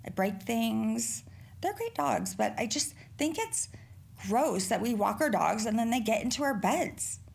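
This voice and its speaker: A woman's voice: fairly high pitch, sing-song, measured pace, vocal fry, darkish tone. A middle-aged woman hosting a podcast alone, chatting casually in a rambling, profane way. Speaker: podcast host. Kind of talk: casual solo podcast chat.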